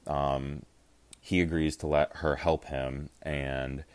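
A young man with an extremely deep, low voice tells a rowdy story on a podcast, animated and loose, full of fillers and curse words. He jumps into other people's voices as he quotes them. The sound is dry and close, with no room behind it. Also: slow pace, smooth, no room sound. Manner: animated, acts out quotes, lots of fillers and swearing. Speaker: podcast co-host. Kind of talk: casual storytelling.

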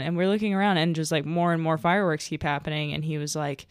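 A young adult woman hosts a casual solo podcast, rambling through stories with lots of fillers and frequent laughter. Her voice is low and clean, at a normal speed, recorded in a clean studio with no room sound.

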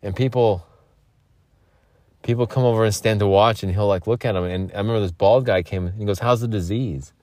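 A man's voice: fairly low pitch, fairly even intonation, a little fast, a little mellow, dry recording, studio quality. A young man in his twenties rambling and joking as a podcast host in a vocal booth, swearing now and then. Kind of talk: casual solo podcast chat.

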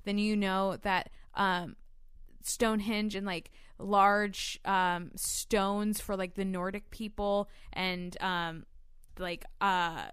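A woman's voice: medium pitch, level tone, slow, fairly bright tone, clear, resonant tone, no room sound, studio quality. A young woman chatting casually as a podcast co-host, rambling, swearing freely and laughing often. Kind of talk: casual chat.

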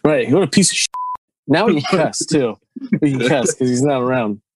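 A man's voice: medium pitch, animated, moderate pace, background noise. A man hosting a podcast, joking around and laughing a lot. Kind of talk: casual podcast chat.

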